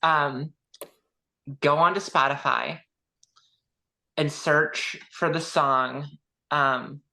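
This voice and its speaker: A woman's voice: deep voice, fairly even intonation, drawn-out words, vocal fry, bright, forceful tone. A woman co-hosting a casual podcast chat, telling stories in a dry, wry way. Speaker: podcast co-host.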